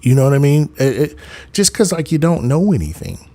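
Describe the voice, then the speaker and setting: A man's voice: fairly high pitch, brisk. A man hosting a debate livestream, chatting casually and profanely with his viewers. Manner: profane, animated, talks to his chat. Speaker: debate stream host.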